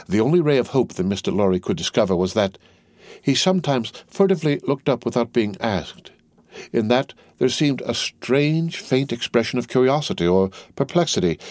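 A man with a low, deep voice reads a classic novel aloud in a measured, steady way. His narration is calm and even. The recording is dry and close, with no room sound. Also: dry recording. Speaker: audiobook narrator. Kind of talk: scripted narration.

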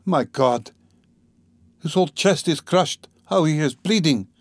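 A man reading an audiobook voices a proud, desperate woman with a raised voice and rapid, pleading delivery. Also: mid-range voice, no echo, lightly acted. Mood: despairing.

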